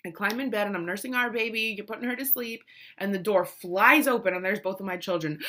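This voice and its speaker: A woman's voice: medium pitch, fast talker. A woman in her thirties, a mother telling a family story casually and emotionally, with many restarts. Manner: animated, emotional, lots of restarts and quoted voices.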